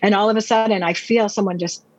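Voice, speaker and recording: Husky-voiced woman pastor telling her testimony. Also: medium pitch, steady tone, dry recording, highs cut off. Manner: earnest, vivid storytelling with quick repeated restarts. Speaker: pastor and Bible teacher. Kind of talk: personal testimony storytelling.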